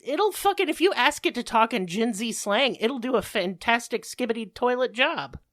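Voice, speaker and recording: A woman's voice: on the high side, expressive, moderate pace, fairly bright tone. A woman co-hosting a podcast, explaining things in a casual, emphatic way with frequent swearing and mock rants. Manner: profane, ranting, emphatic explainer. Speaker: podcast co-host explaining a topic.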